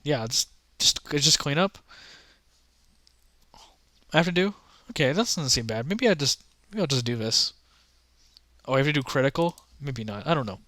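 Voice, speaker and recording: Bright-voiced man rambling about games. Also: mid-range voice, lively intonation, no echo. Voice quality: halting, many restarts and fillers. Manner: frank, offhand opinions. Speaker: gaming content creator. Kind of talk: casual rambling commentary.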